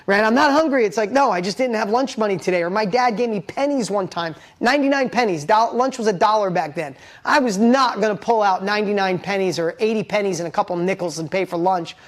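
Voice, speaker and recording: A middle-aged man and business owner giving an emotional motivational talk, intense and heartfelt, blunt with casual swearing. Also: sits high. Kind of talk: emotional personal storytelling.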